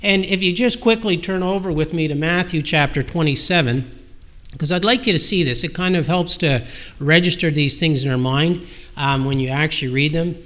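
A high-pitched man preaching a sermon to a congregation. His voice is bright and ringing. He speaks with earnest emphasis, slowing down on key phrases and often restarting them.

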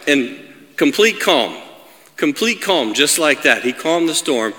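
Energetic preacher in an echoey hall. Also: male voice, a little high, a little slow. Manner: builds from calm reading to loud emphatic preaching, asks "right?" often. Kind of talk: sermon.

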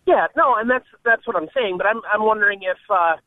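A man's voice: high-pitched, brisk, no room sound. A man calling in to a radio show, talking hesitantly and searching for his words. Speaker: caller. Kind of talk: phone-in radio call. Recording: tinny phone line.

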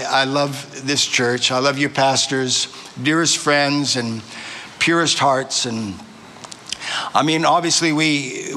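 A man's voice: medium pitch, pushed and bright, a little hiss or hum. A man, preaching a sermon as a visiting pastor in an exuberant, affectionate way, often restarting his phrases. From Arizona.

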